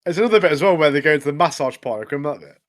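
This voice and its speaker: Very fast and expressive, with a voice on the high side, the man co-hosts a podcast. His chat is casual, enthusiastic and slangy, and "mate" comes up again and again.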